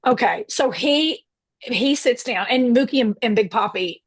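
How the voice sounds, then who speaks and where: A middle-aged woman comedian telling an animated story as a podcast guest, acting out the people she quotes. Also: on the high side, unhurried, breathy edge. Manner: animated, acts out quotes in voices. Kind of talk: casual storytelling chat.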